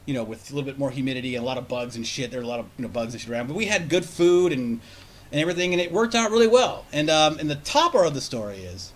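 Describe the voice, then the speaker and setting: A man's voice: mid-range voice, expressive, rapid-fire, slight background noise. A man on a casual podcast telling a long, rambling, profane story with many restarts. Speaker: podcast host.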